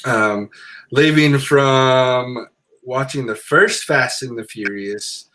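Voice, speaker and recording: Bright-voiced man reading listener comments. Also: medium pitch, slow. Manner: relaxed, hesitant with many fillers, reads out listener comments. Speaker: podcast host. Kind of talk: casual chat.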